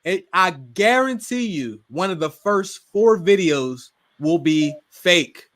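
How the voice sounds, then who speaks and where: A young man from Pittsburgh with a Pittsburgh accent, chatting casually as a podcast guest, slangy and relaxed, often trailing off quietly. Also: high voice, slow pace. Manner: relaxed, slangy, drifts quieter at phrase ends. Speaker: guest gamer and streamer.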